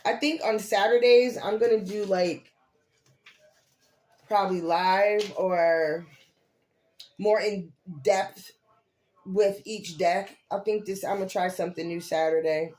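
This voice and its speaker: Lively older woman doing tarot readings. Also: mid-range voice, takes it slowly, long pauses. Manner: animated, preachy encouragement with laughs and slang. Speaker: tarot reader. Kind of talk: casual live tarot reading.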